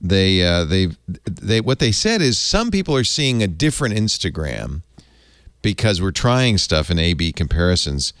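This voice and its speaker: A middle-aged man hosts a casual tech panel with a jokey, animated storytelling manner. His voice sits low but moves a lot in pitch. The sound is dry and close to the mic. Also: normal speed, no room sound. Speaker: host.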